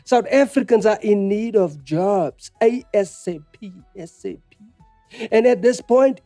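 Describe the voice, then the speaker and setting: A man's voice: high-pitched, dark tone, dry recording. Man putting on a sassy woman newsreader. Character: sassy woman economics news reporter. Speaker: comedy podcast host. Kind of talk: spoof news bulletin.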